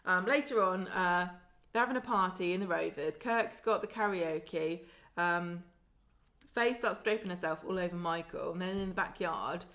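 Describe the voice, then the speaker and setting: A woman's voice: fairly low pitch, a bit bright. Woman, chatty podcast co-host, slips into character voices. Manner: chatty, acts out characters' lines in quick voices. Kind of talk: casual chat recapping a soap.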